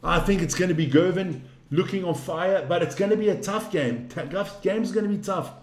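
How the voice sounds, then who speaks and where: Man, high voice, rambling live stream host, swears a lot, excitable, roomy echo. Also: a little fast. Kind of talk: casual live stream chat.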